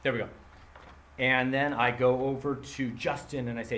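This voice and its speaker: A man teaching a math lesson, explaining with playful everyday analogies in an animated, casual way, talking straight to his students. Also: mid-range voice, normal speed, a little hiss or hum.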